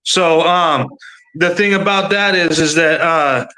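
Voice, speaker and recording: A man with a fairly high, very bright and forceful voice rants on a video-call livestream. He rambles, stacks filler words and swears freely in loose casual chat. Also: slow pace, poor audio. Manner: rambling, profane, many fillers. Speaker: panel commentator.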